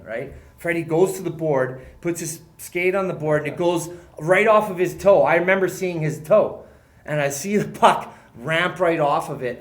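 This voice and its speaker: A man, a former hockey player, telling animated stories in casual chat as a guest, often laughing and swearing casually. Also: on the high side.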